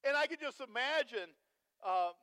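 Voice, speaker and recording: Male pastor, high voice, animated storytelling sermon, reverberant church hall. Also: moderate pace. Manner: animated storytelling, repeats words, asks congregation questions. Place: church sanctuary.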